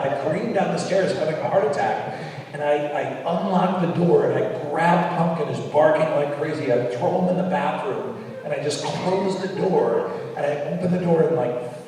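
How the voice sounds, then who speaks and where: A man telling an animated anecdote onstage, acting out the lines of the people in his story. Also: medium pitch, slight background noise. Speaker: film director guest. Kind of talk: storytelling in a live onstage conversation. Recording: echoey hall recording from far off.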